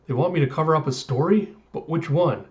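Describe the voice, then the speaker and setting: A man voicing a loud, greedy bird-man newspaper boss with brash, showy boasting, on a dull lo-fi recording. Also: on the high side, animated, fairly quick, natural voice.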